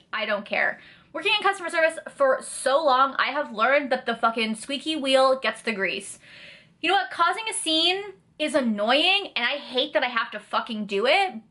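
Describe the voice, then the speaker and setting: A young woman from Canada vents in a blunt, sarcastic rant full of swearing. Her voice is bright and forceful and sits a little high. She talks casually to camera. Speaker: vlogger. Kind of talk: ranting vlog.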